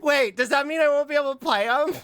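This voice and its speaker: A slightly bright voice with no echo belongs to a livestreamer who sounds congested from a cold. Reading chat and reacting to videos, he chats casually in a scattered, goofy manner, repeating "What?" often and breaking into squeaky high bursts.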